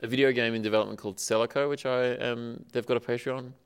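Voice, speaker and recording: A man hosting a comedy panel, with a smooth, clear voice. He fills his sentences with ums as he reads out the week's question and a list of supporters. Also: medium pitch, steady tone, quick pace. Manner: hesitant, lots of ums, reads out names. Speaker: host.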